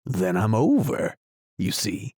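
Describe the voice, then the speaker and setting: A man reading an audiobook, voicing a solemn, muddled male knight who talks gravely and slowly about his inventions. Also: lowish voice, wildly swooping pitch, a little mellow, no room sound, clean studio sound, full character voice. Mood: grave, musing. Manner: grave, slow, musing. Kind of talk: audiobook character voice.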